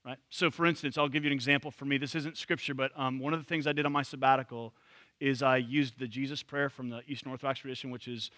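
A man's voice: mid-range voice, level tone, quick pace, bright, forceful tone, no echo. A man leading a church training session, talking casually with many fillers and restarts. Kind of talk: casual teaching to a group.

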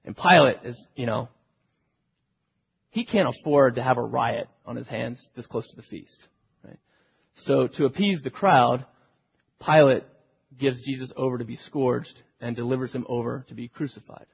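Preacher guy, husky-ish voice, kinda high, goes quiet then loud, big echoey hall. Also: moderate pace, pauses often. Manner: dramatic, swings between hushed and loud delivery. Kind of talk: sermon retelling a scripture story. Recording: dull recording with long hall reverb.

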